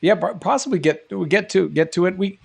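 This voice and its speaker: A man's voice: high-pitched, a little fast, creaky, slightly rough. A middle-aged man from New England hosting a live stream, reading chat questions aloud and rambling through jokey answers.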